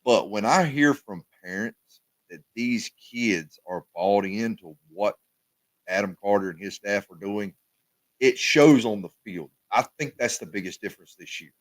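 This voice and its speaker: A man co-hosting a casual sports talk show, animated and often repeating his words. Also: lowish voice, measured pace, no echo.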